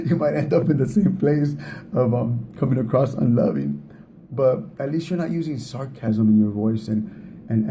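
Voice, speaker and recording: A man's voice: mid-range voice, warm tone, a little hiss or hum. A man giving a casual talk on relationships, speaking in a conversational way, often repeating words and laughing at himself.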